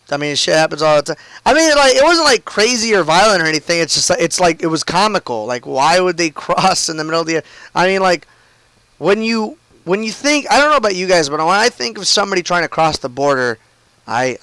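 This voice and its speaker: A man tells a story while he streams a game from home, rambling and swearing casually with plenty of fillers. His voice sits a little high and sounds smooth and clean. The sound is dry and close. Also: animated, a little fast, fairly bright tone, no room sound, rough recording.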